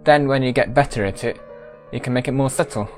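A man co-hosting a language lesson in clear, explanatory scripted narration. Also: medium pitch, fast, faint music behind. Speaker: accent teacher, co-host.

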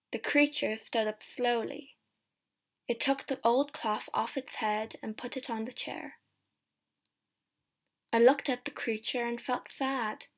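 A woman narrating a graded-reader novel, reading slowly and clearly. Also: fairly high pitch. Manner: slow, clear, carefully paced reading. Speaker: audiobook narrator.

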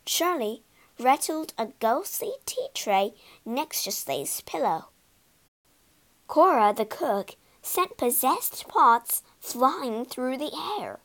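Woman storyteller, high and lively voice, slow measured pace, dramatic storybook delivery. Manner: expressive, dramatic reading. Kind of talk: storybook narration for learners.

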